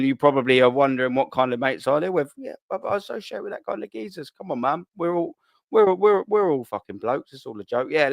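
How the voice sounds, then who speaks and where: A man's voice: mid-range voice, fairly bright tone, clean tone, no echo. A young man hosting a casual live stream, reading out chat and bantering in a laddish, sweary way with frequent laughs.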